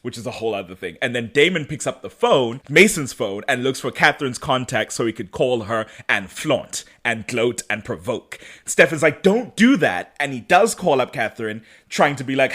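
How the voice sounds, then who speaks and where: A man's voice: medium pitch, lively intonation, moderate pace, hardly any pauses, a bit bright, breathy edge. A man co-hosting a podcast, retelling a story in casual chat and acting out the characters' lines with frequent laughs. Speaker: podcast co-host.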